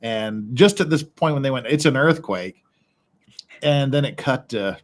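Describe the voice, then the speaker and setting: Male host, relaxed rambling chat, mid pitch, salty humor. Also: normal speed. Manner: rambling storyteller, swears freely, laughs often. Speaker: livestream host. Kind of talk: casual chat. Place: his house in Korea.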